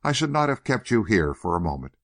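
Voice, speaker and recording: A smooth, purring older gentleman with a quiet scheming edge, as a man reads him, low in tone but swinging freely up and down. Every line carries polite, faintly mocking warmth. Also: sing-song, brisk. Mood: silky. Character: suave, silkily solicitous older gentleman schemer.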